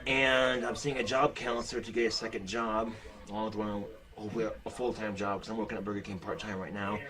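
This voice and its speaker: A young man rambling haltingly in a home video vlog, with many fillers. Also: lowish voice, level tone.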